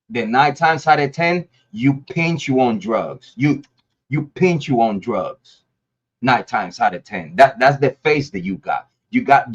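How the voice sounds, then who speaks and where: A man's voice: medium pitch, slightly rough. A man from Ohio giving an angry, profane rant to the camera as a YouTube commentator, often stumbling and repeating words. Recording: dull lo-fi audio.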